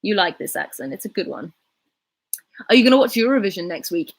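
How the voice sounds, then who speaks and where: A young woman in her twenties speaks with a soft, breathy voice and a Southern English RP accent. She rambles through a casual livestream chat, reading viewers' comments aloud and answering them as she goes. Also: medium pitch, expressive, a little fast. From England. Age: 20s. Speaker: livestreaming YouTuber.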